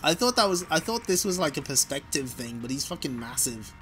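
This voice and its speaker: A man's voice: fairly high pitch, big pitch swings, fairly quick, a bit bright, soft background music. A man streaming a casual comic read-along, laughing often and breaking off to swear and comment. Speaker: streamer reading a comic aloud.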